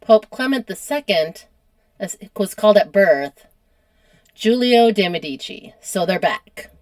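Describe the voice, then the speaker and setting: An American woman hosts a casual history podcast, telling the story in a chatty, easygoing way. She laughs often as she talks. Her voice has an average pitch and sounds dry and close to the mic. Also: lively intonation, measured pace, a little mellow, no echo. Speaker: podcast host.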